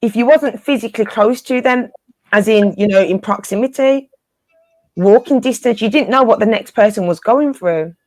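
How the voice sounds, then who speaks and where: A woman's voice: a little high, normal speed, darkish tone, no echo. A woman co-hosting a casual spiritual live chat, encouraging her listeners and often repeating phrases for emphasis in informal, slangy speech.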